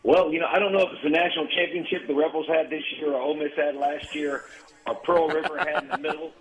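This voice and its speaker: A man's voice: on the high side, fairly even intonation, quick pace, a loud crowd, poor audio. A man from Mississippi, a singer-songwriter telling folksy stories as a phoned-in radio guest. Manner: warm, storytelling, folksy.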